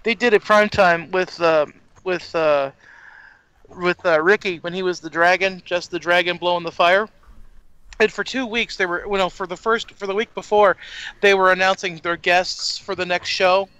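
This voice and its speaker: Excitable podcast co-host, male; high, bright, dry studio sound. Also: normal speed, clean tone. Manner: excitable, swears, repeats words. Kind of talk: casual wrestling chat.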